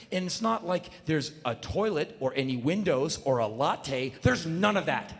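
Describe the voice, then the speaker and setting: A man telling a comedic spoken word story on stage, punchy and animated. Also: a little high, moderate pace, a little hiss or hum. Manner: animated, punchy, bursts into shouts. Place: stage in a large hall. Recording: long hall reverb, live show.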